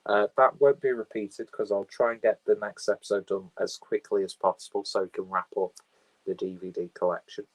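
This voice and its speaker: A man's voice: on the low side, level tone, fairly quick, poor audio. A man hosting a casual film podcast, rambling and offhand with crude jokes, recorded on a phone camera. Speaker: podcast host.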